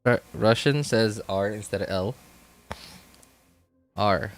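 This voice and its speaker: Slow, rambling low-voiced gaming streamer. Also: male voice. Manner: rambling and self-correcting, laughs often. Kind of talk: casual gameplay commentary.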